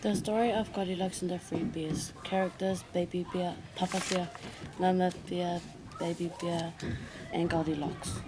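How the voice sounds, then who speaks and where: Teacher reading story aloud, lowish woman's voice, noisy room. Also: fairly even intonation, normal speed.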